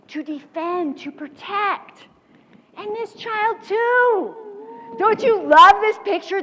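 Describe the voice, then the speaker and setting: A woman giving a motivational keynote speech, telling animated stories with quick laughs, on a stage microphone in a large lecture hall. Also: very high-pitched, a little hiss or hum. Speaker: keynote speaker. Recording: dull recording with long hall reverb.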